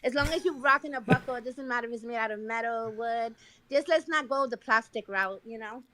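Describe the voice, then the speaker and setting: A bubbly woman chats casually, her voice a touch high and very bright and forceful. She teases the others in a playful way. She talks as a listener brought up to join a loose group conversation. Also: brisk, no echo. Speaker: listener invited to speak in a chat room. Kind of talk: casual chat.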